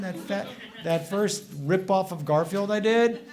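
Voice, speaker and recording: Casting: man with a slightly high voice, animated and chatty, answering audience questions at a library talk. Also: normal speed. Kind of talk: casual public talk. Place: library event room with audience.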